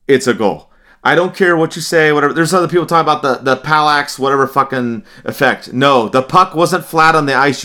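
A man's voice: mid-range voice, pushed and bright. A man co-hosting a sports podcast, ranting with emphatic, profane outbursts. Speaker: podcast co-host. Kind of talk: heated sports talk.

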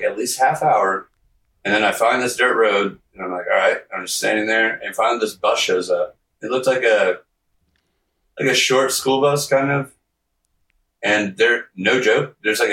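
A man's voice: medium pitch, bright, forceful tone, a little hiss or hum. A man as a podcast guest telling a long story in casual chat, full of fillers, and acting out what people said. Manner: rambling, filler-heavy, acts out quotes. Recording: roomy, distant mic.

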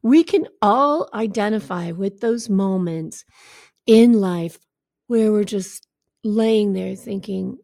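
A woman speaking at a middle pitch with a gravelly edge, talking straight into a close, dry mic. She hosts her own podcast as a coach and tells stories in an earnest, personal way, often turning to the listener with a quick "right?". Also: warm tone, no echo. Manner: earnest storyteller who often asks "right?". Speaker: podcast host and recovery coach.

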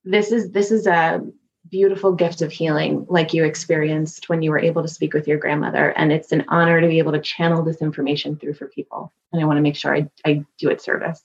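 Animated woman medium, lo-fi sound. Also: low-pitched, fast talker, creaky, breathy edge. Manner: animated storyteller, acts out voices. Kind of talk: podcast interview.

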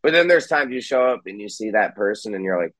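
A young man talks frankly, with plenty of swearing, and slips into lively impressions of other people. He is heard on a video call, and his voice sounds close and dry, with no room echo. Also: fairly low pitch, fast. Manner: candid, animated, swears freely, acts out quotes. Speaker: podcast host and band musician, guest here. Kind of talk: casual podcast chat.

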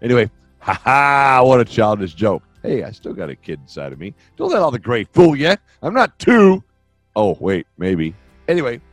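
A man's voice: mid-range voice, sing-song, normal speed, dry recording, soft background music. An older man hosting a podcast, giving relationship advice in a rambling, joking way that keeps wandering off on tangents. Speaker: podcast host. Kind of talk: casual advice monologue.

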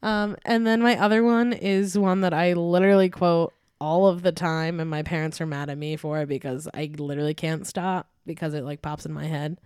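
Soft-spoken young woman with lower voice. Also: steady tone, brisk, hardly any pauses, clean tone, no room sound, clean studio sound. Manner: laughs often, soft and giggly. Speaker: podcast co-host. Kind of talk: casual chat.

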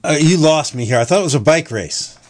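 A man's voice: on the high side, lively intonation, fairly quick. A man hosting a casual sports talk show, telling stories in a rambling way with restarts and self-corrections. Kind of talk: casual sports radio chat.

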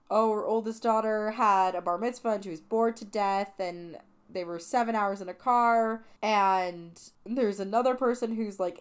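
A woman's voice: mid-range voice, smooth. A young woman hosting a podcast, talking through a film in a casual, chatty way with lots of "like" fillers. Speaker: podcast host. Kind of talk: casual film review monologue.

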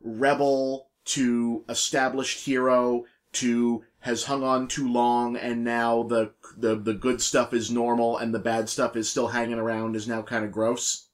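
A man's voice: mid-range voice, flat delivery, unhurried, hardly any pauses. A man co-hosting a podcast in casual chat, easygoing and often repeating words as he talks. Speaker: podcast co-host.

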